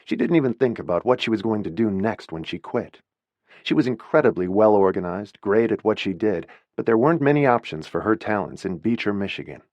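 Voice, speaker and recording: A man narrates a novel with expressive, story-driven reading. His voice sits low and moves a lot in pitch, and the recording is dry and close, with no room sound. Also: brisk, no room sound, dull audio. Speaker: audiobook narrator.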